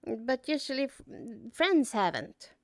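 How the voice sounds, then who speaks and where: A woman giving an emotional personal reflection as an artist. She is choked up and holds back tears, talking haltingly with many restarts and trailing phrases. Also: high voice, very animated, no room sound, studio quality.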